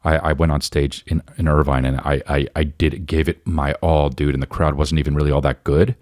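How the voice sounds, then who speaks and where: A man in his forties with an extremely low, darkish, sore and worn voice hosts a casual solo podcast, speaking a little fast with a flat delivery. He rambles, restarts repeatedly and keeps adding "right?", recorded at studio quality without echo.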